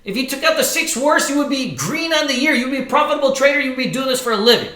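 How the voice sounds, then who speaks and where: A man quoting a blunt, matter-of-fact trading coach. He is plain-spoken, with a lively, bright voice that echoes around the room. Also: very high-pitched, fast, voice pushed up, full character voice. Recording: roomy hall echo.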